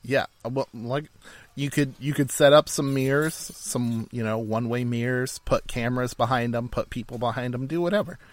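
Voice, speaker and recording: A man's voice: mid-range voice, moderate pace, dry recording. A man co-hosting a podcast in casual, rambling chat, full of fillers. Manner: laid-back, rambling with fillers. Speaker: podcast co-host.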